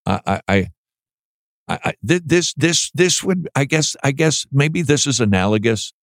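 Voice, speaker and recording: A man's voice: mid-range voice, animated, measured pace, dry recording. Brief: male talk radio host, incredulous and sarcastic, mid-range voice, dry booth. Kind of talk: radio commentary.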